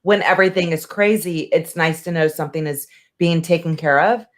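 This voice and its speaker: Woman, 40s, co-host and agent; lowish voice; rambling, filler-heavy chat. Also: brisk, slight background noise. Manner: chatty and rambling, many fillers. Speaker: co-host, real estate agent. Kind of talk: casual business chat.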